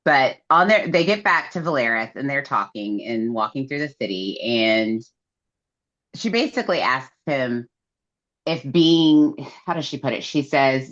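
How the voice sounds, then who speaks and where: On a casual book podcast, a woman co-host recaps scenes and quotes characters' lines, packing her talk with fillers. Her voice rumbles low yet sounds a bit bright and animated, moving at a measured pace, though the recording is muffled.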